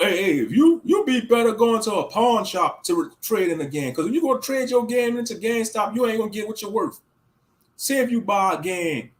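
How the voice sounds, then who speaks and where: Animated man ranting. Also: high voice. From Louisiana, USA. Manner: slangy, heated, repetitive. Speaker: livestream host. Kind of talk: casual ranting commentary.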